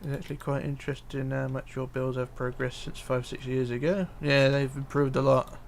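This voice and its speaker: A man builds during a casual live stream, reading viewer comments aloud and muttering to himself with hesitant fillers. His medium-pitched voice barely moves in pitch, comes at a normal speed with vocal fry, and carries a little hiss or hum.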